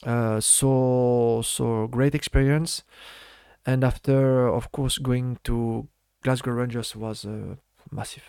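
A middle-aged man with a French accent talks in a gravelly, creaky voice at a middling pitch. His English is halting and full of fillers. The sound is close and dry, with no room around it. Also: fairly even intonation, a little mellow, dry recording. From France. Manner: halting non-native English with many fillers. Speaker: former footballer guest. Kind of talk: casual interview.

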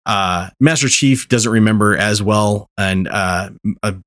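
A man's voice: on the low side, a little slow, a bit bright, dry recording, clean studio sound. A man hosting a podcast, explaining at length in a rambling casual way with many fillers. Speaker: podcast host. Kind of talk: casual chat.

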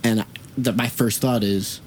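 A young podcast host tells a rambling, casual story, swearing as he acts out the voices of the people in it. His voice is medium-pitched and a little mellow, with fairly even intonation and a moderate pace, over slight background noise.

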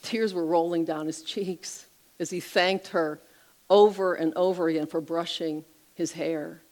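Middle-aged lady telling a faith story on christian talk radio, kinda low voice, really expressive. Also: measured pace, poor audio. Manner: expressive storyteller, lively pitch swings. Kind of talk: retelling an inspirational story.

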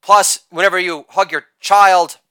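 A man in his forties delivering a rapid-fire joke monologue, brash and crude, with loud shouted catchphrases. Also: high voice, steady tone, smooth, no room sound. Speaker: comedian.

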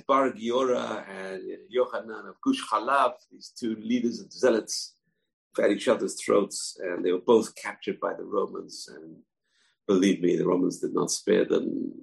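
A man's voice: fairly low pitch, gravelly, rough recording. A man giving an informal, emphatic Jewish history lesson, often repeating words for stress. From family from Babylon, moved to Israel. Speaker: Jewish teacher.

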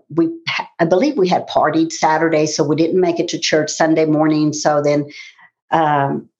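A woman in her forties telling a personal story in an interview, earnest and rambling, with many fillers and restarts. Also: fairly low pitch. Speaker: interview guest. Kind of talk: personal testimony in conversation. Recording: dull lo-fi sound.

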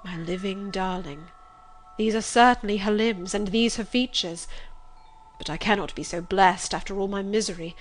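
A woman doing a blind, brooding gentleman, imperious. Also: medium pitch, normal speed, a little hiss or hum, natural voice. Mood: anguished. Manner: urgent, imperious, pleading outbursts. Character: brooding blind older gentleman, commanding yet desperate.

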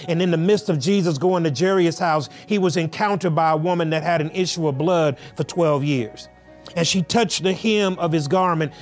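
A male pastor preaching a sermon with rhythmic repetition and emphatic pauses. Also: sits high.

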